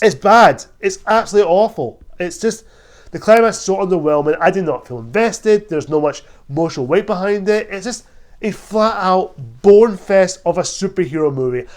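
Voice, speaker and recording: A man's voice: high voice, a little mellow. A young man reviewing a movie on his own, blunt and exasperated, often repeating himself. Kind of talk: solo film review rant.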